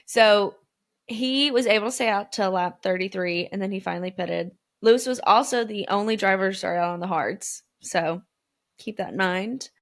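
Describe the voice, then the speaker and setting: A woman's voice: medium pitch, normal speed. A woman co-hosting a podcast, walking through a race in casual chat and acting out quotes with feeling. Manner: animated storyteller, acts out quotes. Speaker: podcast co-host.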